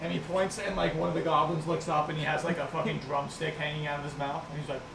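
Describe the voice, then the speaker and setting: A man's voice: on the high side, flat delivery, fast, vocal fry, reverberant, recorded from a distance, background noise. A man narrating a tabletop game as game master, rambling and swearing freely.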